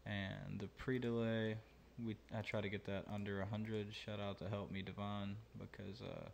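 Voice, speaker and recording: A man's voice: lowish voice, level tone, moderate pace, creaky, a little hiss or hum. A man hosting a mixing tutorial, talking casually and thinking aloud with many fillers. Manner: laid-back, thinking aloud with many ums and uhs. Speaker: mixing engineer and channel host.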